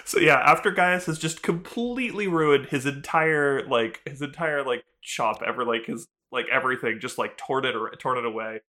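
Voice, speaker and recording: A man's voice: mid-range voice, normal speed, hardly any pauses, pushed and bright. A man co-hosting a podcast, recapping a TV episode in casual, rambling chat full of fillers. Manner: rambling, full of "like" and "um", laughing often. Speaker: podcast co-host.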